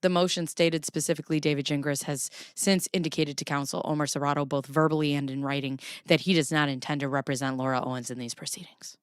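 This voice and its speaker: A woman with a Chicago accent hosts casual commentary, reading court filings aloud and stopping to toss in her own remarks. Her voice sits a little low and sounds smooth and clear. It is close and dry, with no room sound. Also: steady tone, fast, few pauses, dry recording. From Chicago area. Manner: chatty, reads aloud then jokes and remarks. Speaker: commentary host.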